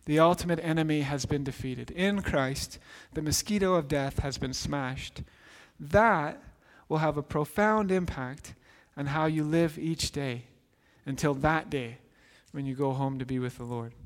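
A man preaching a sermon as pastor, earnest and emphatic, dropping softer on key phrases. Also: fairly high pitch, normal speed, few pauses. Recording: long reverb in a large hall.

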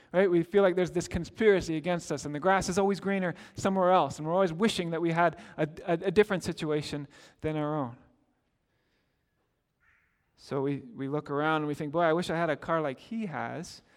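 High-voiced man preaching in a hall. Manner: storytelling, conversational with acted quotes. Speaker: pastor. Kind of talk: sermon.

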